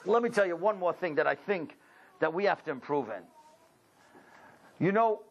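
A man delivers a religious talk to a congregation, telling stories with animated exclamations. His voice sits high for a man. He keeps asking his listeners rhetorical questions. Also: moderate pace, highs cut off. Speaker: religious speaker.

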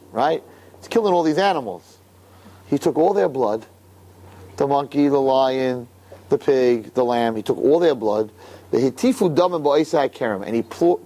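Animated rabbi leading a class. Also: male voice, on the high side. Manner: animated, full of rhetorical questions. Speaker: rabbi teaching Torah. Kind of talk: lively Torah class. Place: room with an audience.

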